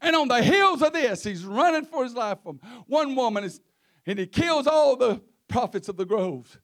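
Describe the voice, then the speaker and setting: A man preaching a sermon, telling the story in a folksy way that swings between low murmurs and shouts. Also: expressive, normal speed.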